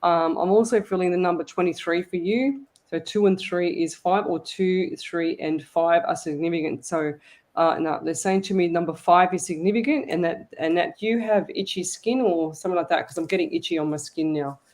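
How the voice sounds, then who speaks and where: A woman hosting a live psychic radio show, reading listener comments aloud and giving readings with hesitant pauses. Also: fairly low pitch, darkish tone. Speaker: psychic medium host.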